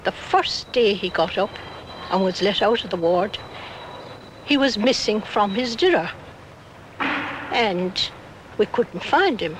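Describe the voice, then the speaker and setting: A woman's voice: mid-range voice, animated, takes it slowly, long pauses. Older woman, matter-of-fact recollection, heavy hiss of old archive tape. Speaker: hospital staff recalling. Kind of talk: plain reminiscence. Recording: noisy 1960s archive recording.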